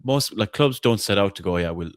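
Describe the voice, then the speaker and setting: A man's voice: on the low side, fairly quick, dry recording, clean studio sound. A man hosting a casual football fan chat, blunt and opinionated, swearing freely and tripping over repeated words as he argues his point. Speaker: podcast host.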